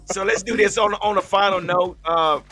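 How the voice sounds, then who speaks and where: A man's voice: high-pitched, steady tone, moderate pace, bright, forceful tone. A man hosting a sports podcast in casual chat, steering the talk and asking the others for final thoughts. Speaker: podcast host.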